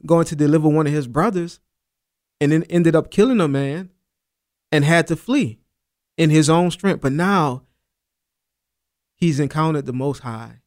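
A man's voice: on the high side, a little mellow. Earnest man giving casual Bible teaching. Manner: earnest, casual asides with "man" and "you know".

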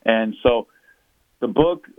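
A man who is a pastor and author, speaking as an interview guest and explaining his views in an earnest, measured way. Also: mid-range voice, lively intonation, no room sound. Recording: tinny phone-line sound.

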